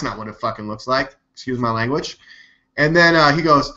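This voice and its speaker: A man runs his own live news stream in loose, rambling commentary, skeptical and quick to swear. His voice has a bright, sharp edge. The audio sounds dull and lo-fi, like a cheap webcam mic. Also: medium pitch. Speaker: live news show host.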